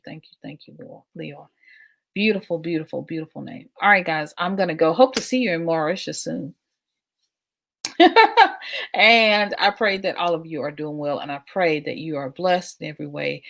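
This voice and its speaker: A woman's voice: deep voice, creaky. A middle-aged woman from the United States hosting a casual livestream, affirming and repetitive, often laughing. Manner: warm, affirming, repeats phrases, laughs often. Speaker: livestream host.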